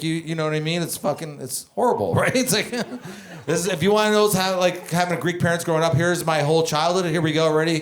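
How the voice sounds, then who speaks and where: A man from Canada doing a stand-up comedy set, telling rambling, profane stories on a club stage. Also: on the high side. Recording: comedy club with audience laughter.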